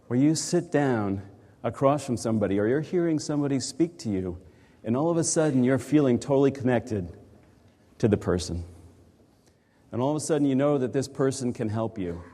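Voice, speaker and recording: Man, executive coach, reflective storyteller, conversational, mid-pitched voice, long hall echo. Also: dark tone. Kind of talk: storytelling talk to a live audience. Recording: reverberant hall.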